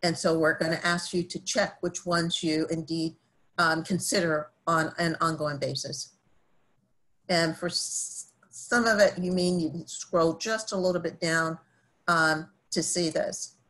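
A woman's voice: lowish voice, steady tone, a little slow, fairly bright tone, low-quality recording. A woman giving a training webinar, talking in a conversational way with frequent ums. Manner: conversational, many fillers. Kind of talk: webinar presentation.

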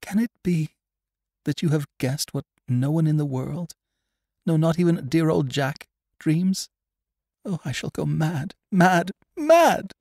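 A desperate young woman on the edge of breaking, her voice climbing high and wild as she pleads, as a male narrator puts her on. The tone swings widely and sits close and dry, like an audiobook read in a booth. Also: animated, slow pace, gravelly, darkish tone, no echo, full character voice. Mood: anguished. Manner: pleading, rising into frantic cries.

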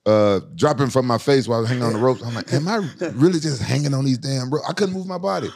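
A man's voice: medium pitch, fast, gravelly. A middle-aged man, a fighter guest, telling stories in casual chat with lots of swearing. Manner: animated, profane storytelling.

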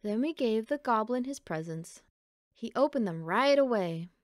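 A woman reading a children's picture book aloud in a gentle, expressive storytelling voice, close to the mic. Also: a little high, normal speed, dry recording. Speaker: storybook reader.

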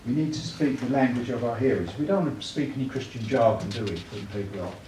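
A man's voice: mid-range voice, fast, dark tone. A man giving a church evangelism talk, chatty, often asking the room tag questions. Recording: echoey room, mic far off, clear noise.

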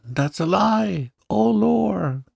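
A man's voice: sits high, animated, very slow, vocal fry, darkish tone, slightly rough, no echo, studio quality, voice pushed up, exaggerated voice. A man putting on a screeching cheeky parrot. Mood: squawking. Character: shrill squawking male parrot, cheeky.

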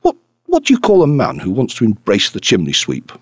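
A man voicing an excitable, earnest young woman in an audiobook reading, exclaiming eagerly. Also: medium pitch, brisk, breathy edge, dry recording. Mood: indignant.

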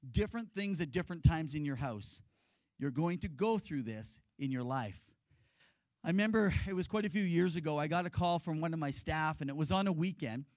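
A male pastor giving a lively sermon, telling stories and leading the congregation in call-and-response. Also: on the high side, no room sound, poor audio.

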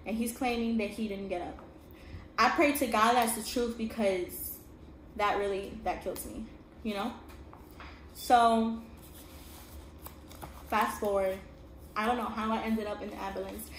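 With long pauses and a measured pace, a young woman of medium pitch earnestly narrates a painful personal experience for her vlog. She frequently turns to the listener with "okay?", her words echoing in a room with steady noise.

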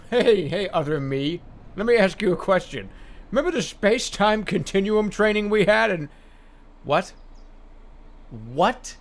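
Guy doing let's play commentary, kinda high voice bouncing all over, sarcastic and annoyed, cusses a lot. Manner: exasperated, sarcastic, swears and laughs often. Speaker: gaming commentator.

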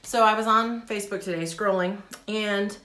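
A middle-aged woman talking candidly in a personal vlog, animated and laughing often. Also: mid-range voice, normal speed, reverberant. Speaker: vlogger. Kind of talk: casual personal vlog talk.

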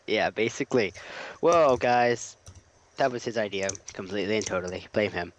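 A man's voice: on the low side, moderate pace, a little hiss or hum. A man doing casual gaming commentary as co-host, joking and teasing his partner. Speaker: co-host gamer.

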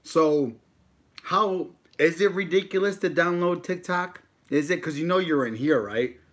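A man's voice: on the high side, a little slow, a bit bright. A man in his thirties from the United States, chatting casually and joking while eating on a live stream, swearing freely. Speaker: mukbang YouTuber.

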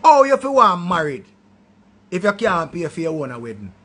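A man with a Jamaican accent ranting loudly in a commentary, throwing insults in patois. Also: high voice, very animated, normal speed, breathy edge. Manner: loud, insulting rant in patois. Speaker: online commentator.

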